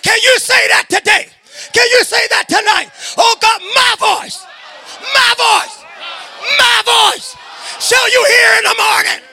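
A man preaching a fervent sermon to a congregation in a church, shouting his words and breaking into hallelujahs and amens. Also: very high-pitched, steady tone, a little slow, creaky, a faint crowd, slight background noise. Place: church sanctuary before a congregation.

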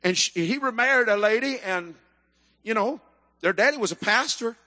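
Male preacher, high and bright, fervent, bursts into shouts; big echoing hall. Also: lively intonation, moderate pace. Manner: fervent, swings into shouted emphasis. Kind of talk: sermon. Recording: echoey hall.

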